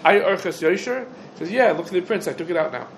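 A man with a slightly higher voice teaches an informal halacha class to a room of listeners. He keeps asking rhetorical questions and answering them himself. His speech is packed with Hebrew terms, with a faint hum of room noise behind him. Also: expressive, quick pace, poor audio. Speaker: Torah teacher.

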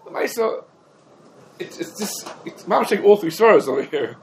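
A man teaching a Torah class, talking quickly and emphatically, his explanations dense with Hebrew and Aramaic legal terms. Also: sits high, lively intonation, slight background noise, low-quality recording. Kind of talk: rapid halachic lecture.

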